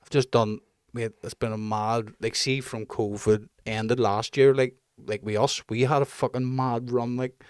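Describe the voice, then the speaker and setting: A man's voice: medium pitch, steady tone, a little slow, few pauses, clean tone, dry recording. A man with a mid-range voice chats on a podcast. He speaks bluntly and swears often. The recording is close and dry. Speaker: podcast co-host. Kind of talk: casual chat.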